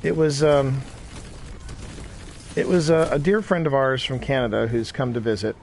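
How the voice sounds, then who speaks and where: A man's voice: mid-range voice, steady tone, normal speed, vocal fry, slight background noise. A tired middle-aged man chatting casually while he streams a game, rambling and repeating himself between reactions to the play. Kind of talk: casual gameplay chat.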